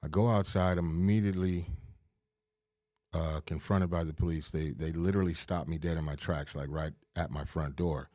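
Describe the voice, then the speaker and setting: A man's voice: extremely low pitch, fairly even intonation, normal speed, warm tone, dry recording, clean studio sound. A middle-aged man hosting a podcast, swearing as he rambles through a personal story with many restarts. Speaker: podcast host.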